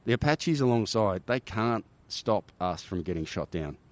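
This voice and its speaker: A middle-aged Australian man with a very low voice tells stories in a relaxed interview. He rambles, doubles back on his phrases and keeps checking in with "right?". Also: normal speed, no room sound. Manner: rambling with restarts and frequent "right?" tags. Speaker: podcast guest, army helicopter veteran. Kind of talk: casual interview storytelling.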